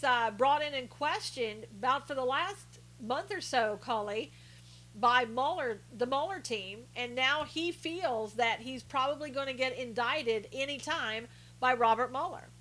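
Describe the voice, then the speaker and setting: A woman's voice: sits high, fairly bright tone, poor audio. A woman hosting a live stream, talking casually about the news and greeting viewers by name as she reads their comments. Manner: chatty, reads viewer comments aloud, many restarts.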